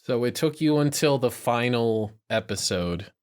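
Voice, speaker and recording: A man's voice: medium pitch, expressive, unhurried, darkish tone, clean tone. A man co-hosting a podcast in casual chat, thoughtful and hedging as he works through his points. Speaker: podcast co-host.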